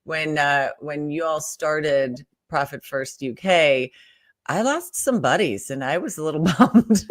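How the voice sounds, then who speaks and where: An American woman, a guest on an interview podcast, talking in an upbeat, chatty way with quick restarts. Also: sits low, dry recording, studio quality. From United States. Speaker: guest, Profit First guide. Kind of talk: casual interview chat.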